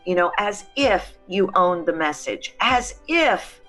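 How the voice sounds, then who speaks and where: A woman's voice: fairly low pitch, lively intonation, slow pace, fairly bright tone, soft background music. A middle-aged woman, a voice coach, answering interview questions in an emphatic, teacherly way. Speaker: voice coach guest.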